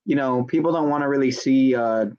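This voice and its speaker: A man's voice: mid-range voice, a little fast, clean tone, no room sound, dull audio. Laid-back rambling male podcast host. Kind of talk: casual livestream chat.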